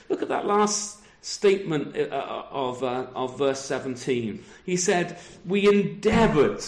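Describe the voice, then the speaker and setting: A middle-aged man gives a sermon in a chatty, conversational way, often tucking a tag question onto the end of a point. His voice sits notably high for a man. The room around him is echoey. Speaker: pastor.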